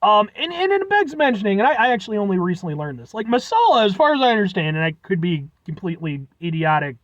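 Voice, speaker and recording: A man with a high, bouncy voice that swoops all over as he rambles through a casual review, full of fillers and self-deprecating asides. The sound is dry and close, with a dull, muffled edge. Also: very animated, fast, dry recording. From United States. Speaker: food reviewer. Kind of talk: casual chat.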